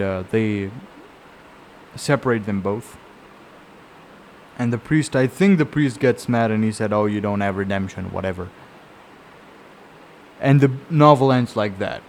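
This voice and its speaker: A man's voice: mid-range voice, measured pace, long pauses, a little mellow, a little hiss or hum. A man casually summarizing and reflecting on a novel, talking in a loose, rambling way. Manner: rambling, conversational storytelling with frequent fillers and restarts. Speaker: book reviewer. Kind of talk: casual spoken book summary.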